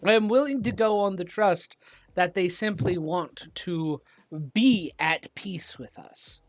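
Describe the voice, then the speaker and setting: GM voices a proud gnome warrior chief: low-key, stern, halting, slow, dry sound. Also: no echo. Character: proud male deep gnome warrior leader.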